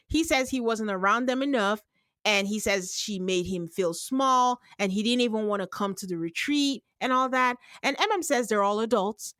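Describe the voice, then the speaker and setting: A woman hosting a casual podcast recap, telling the story with lively acted-out quotes. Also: normal speed, no echo. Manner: animated storyteller, acts out quotes with big pitch jumps. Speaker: podcast host recapping a reality show. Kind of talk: casual chat.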